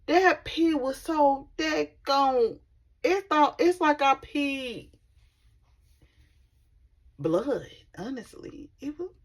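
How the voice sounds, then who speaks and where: A young adult woman vlogger telling a personal storytime in an animated, chatty way with casual slang. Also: high-pitched. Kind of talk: storytime vlog.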